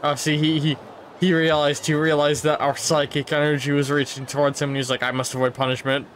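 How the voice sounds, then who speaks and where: A man's voice: fairly high pitch, flat delivery, brisk, slight background noise. A man giving casual, playful commentary over a video game, muttering to himself and now and then putting on silly voices. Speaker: gameplay streamer. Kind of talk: casual let's-play commentary.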